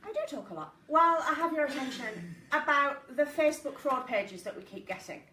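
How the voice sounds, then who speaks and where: A woman's voice: high voice, animated, brisk, pushed and bright. A woman hosting a casual live stream from her living room, chatty and giggly as she tells stories. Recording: echoey room, mic at a distance, faint noise.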